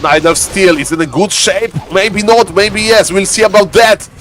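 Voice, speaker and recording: A man streaming live commentary on a strategy game, lively and playful, teasing his chat. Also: moderate pace. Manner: lively, playful, keeps saying "ladies and gentlemen"; shifts into a deeper joking voice for a subscriber.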